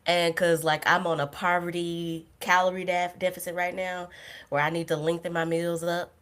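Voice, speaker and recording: A young woman with a low, deep-set voice hosts a casual solo livestream. She rambles from tangent to tangent with self-deprecating humor and laughs often. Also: level tone, moderate pace, fairly bright tone. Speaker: podcast host.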